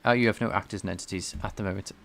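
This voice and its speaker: A man's voice: low-pitched, steady tone, rapid-fire, creaky, fairly bright tone. A man live-streaming his programming work, thinking aloud in a casual, rambling way and chatting with viewers. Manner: rambling and self-deprecating, chatting with viewers between tasks.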